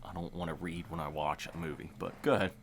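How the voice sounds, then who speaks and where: A laid-back man chats on a horror podcast in a low voice, swearing freely and sometimes trailing off into mumbles. A faint hum of room noise sits behind him. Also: fairly even intonation, quick pace. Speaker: podcast co-host. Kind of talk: casual chat.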